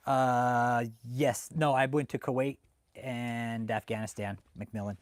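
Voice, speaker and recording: A man's voice: mid-range voice, fairly even intonation, takes it slowly, no room sound. Man ranting and swearing on a livestream. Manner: heated and swearing, with loud outbursts. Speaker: livestream host reading chat. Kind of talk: profane ranting live commentary.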